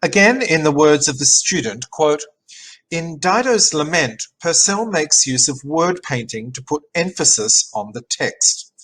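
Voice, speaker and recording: A man reading a written music analysis aloud in an even, measured way, as a teacher. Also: a little high, slight background noise, poor audio. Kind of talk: read-aloud academic narration.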